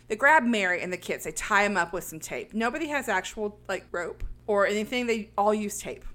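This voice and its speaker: A woman's voice: medium pitch, animated, brisk, bright, forceful tone. A woman co-hosting a casual chat, bluntly recapping a film and acting out its characters' lines. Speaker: podcast co-host recapping a film.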